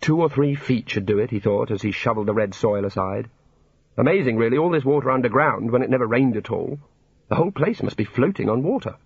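A man's voice: medium pitch, animated, fast, vocal fry, husky, no echo. A man narrating a comic fantasy novel in a dry storytelling manner. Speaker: audiobook narrator. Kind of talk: scripted narration. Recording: dull lo-fi recording.

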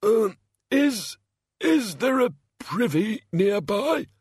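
Man doing a slow queasy god of indigestion. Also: high-pitched, very animated, darkish tone, slightly rough, dry recording, studio quality, pitched above the performer's own voice, exaggerated voice. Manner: slow, pained mumbling.

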